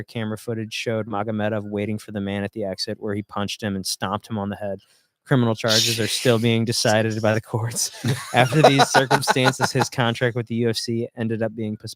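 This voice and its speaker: A man's voice: lowish voice, flat delivery, moderate pace, no echo. Laughing podcast co-host man, dry mic. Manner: laughing, reads fighter bios aloud. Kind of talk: casual chat watching fights.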